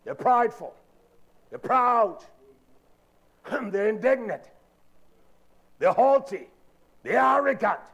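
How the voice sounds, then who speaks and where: A man's voice: very high-pitched, animated, slow pace, vocal fry, long pauses, fairly bright tone, breathy edge, highs cut off. A man preaching a sermon with an emphatic, repetitive cadence.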